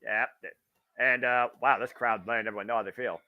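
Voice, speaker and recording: A man's voice: medium pitch, fairly even intonation, brisk, highs cut off. A man from the Midwest of the US, hosting a casual live wrestling watch-along with wisecracking, swearing commentary. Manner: chatty, wisecracking, swears freely.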